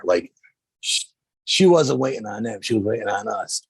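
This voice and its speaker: A man speaks as a podcast guest, recounting his experiences in a relaxed, anecdotal style full of casual filler. His voice sits low with a gravelly, husky texture. The sound is dry and close, with little room around it. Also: normal speed, dry recording. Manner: lively anecdotal storyteller with slangy fillers. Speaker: podcast guest, paranormal investigator. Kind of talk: casual storytelling chat.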